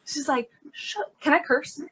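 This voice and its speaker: A young adult woman, a crime scene investigator, telling a candid story in an interview and acting out the quotes loudly. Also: mid-range voice, normal speed. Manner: animated, acts out quotes loudly.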